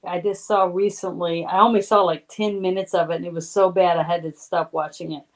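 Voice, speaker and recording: A woman's voice: fairly low pitch, steady tone, brisk. A woman co-hosting a podcast, chatting casually about movies, hesitant and searching for words, blunt in her opinions. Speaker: podcast co-host.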